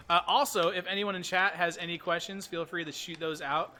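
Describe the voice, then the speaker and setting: Bright-voiced man hosting a gaming stream. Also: high-pitched, fairly even intonation, normal speed, a little hiss or hum. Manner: playful, self-deprecating, chatty. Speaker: host. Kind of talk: casual livestream chat while gaming.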